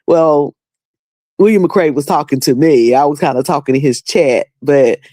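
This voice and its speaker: A livestream host with a Southern US, North Carolina accent chats casually, rambling with lots of fillers and restarts. Her voice is low and warm at a normal speed, recorded in studio quality with no room sound.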